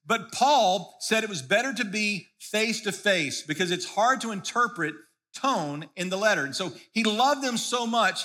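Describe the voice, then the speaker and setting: Male pastor with a high, bright voice, preaching casually and often repeating himself mid-sentence. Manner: conversational preaching with frequent restarts and repeated words. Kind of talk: sermon.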